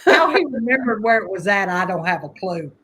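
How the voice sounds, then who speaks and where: A woman telling family stories in a casual conversation, animated and laughing often as she acts out voices. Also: mid-range voice, fairly quick, husky. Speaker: guest conjure teacher.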